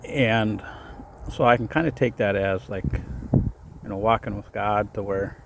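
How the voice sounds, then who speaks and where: A man's voice: on the low side, unhurried, creaky, background noise. A man giving a casual devotional talk outdoors in the cold. His voice is a bit shaky from the cold, and he rambles with lots of fillers. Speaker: faith vlogger.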